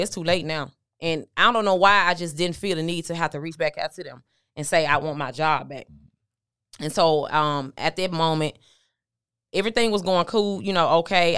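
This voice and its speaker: A woman's voice: low voice, fairly bright tone, clean tone, no echo, clean studio sound. A middle-aged woman, a guest on an interview show, candidly recounting a personal story and quoting what people said. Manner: conversational, recounting with quoted dialogue. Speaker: guest, motivational speaker.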